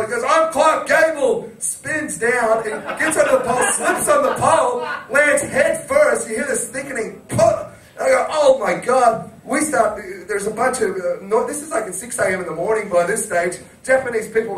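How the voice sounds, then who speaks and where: A man's voice: sits high, normal speed, hardly any pauses, reverberant, distant mic, poor audio. A man on a chat show, telling a story casually, laughing and acting out quotes. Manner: animated, laughing, acts out quotes. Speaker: wrestling chat show guest.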